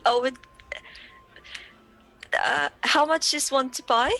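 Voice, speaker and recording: Slow, stammering woman player, a bit high-voiced. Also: fairly even intonation, gravelly, bright, forceful tone. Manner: hesitant, stammering, giggly. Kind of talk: tabletop role-play.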